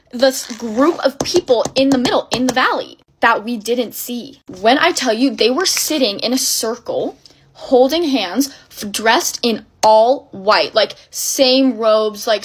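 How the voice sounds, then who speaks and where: A young adult woman in a casual storytime, telling a tale in an animated, breathless way full of filler words. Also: fairly high pitch, slight background noise.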